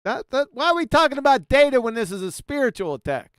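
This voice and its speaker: High, lively man hosting a live panel. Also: quick pace, clean tone, dry recording, clean studio sound. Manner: laughs often, animated and mocking. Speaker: stream host. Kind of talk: casual live panel chat.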